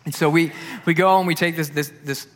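A young adult man, a youth pastor, preaching a sermon and telling a personal story with animated delivery, acting out the voices of the people he quotes. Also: on the high side, a little fast. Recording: long hall reverb.

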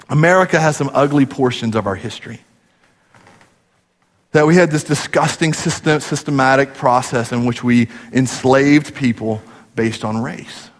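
A man preaching a sermon, telling stories animatedly and dropping low for serious points. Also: moderate pace. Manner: animated storytelling, rising to emphatic peaks and dropping low for gravity. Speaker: pastor. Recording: long hall reverb.

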